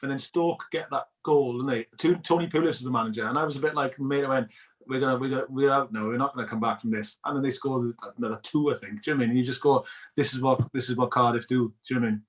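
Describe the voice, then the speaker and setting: Fast-talking Welsh man, chatty. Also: mid-range voice, recorded from a distance. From Wales. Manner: chatty, laughs often, repeats "do you know what I mean". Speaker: interview guest. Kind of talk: casual chat.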